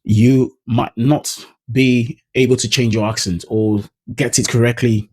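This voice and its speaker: Working as a pronunciation coach, a Nigerian-accented man whose first language is Idoma speaks casually to the camera, thoughtfully demonstrating example words as he explains. His voice is medium-pitched, steady, a little slow and mellow, with no echo.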